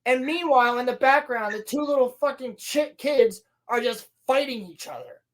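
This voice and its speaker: A woman's voice: high voice, moderate pace. A woman hosting a podcast, recapping a TV episode in a sarcastic, profane, mocking way. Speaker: podcast host reviewing a TV episode.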